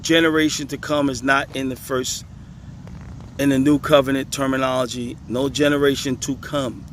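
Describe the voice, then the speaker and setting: A man's voice: mid-range voice, flat delivery, normal speed, a little hiss or hum. Emphatic man reading questions outdoors. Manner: laughing, emphatic, talks back to the page. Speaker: religious commentator. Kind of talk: reading questions aloud with commentary. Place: outdoors on a hot day, traffic nearby.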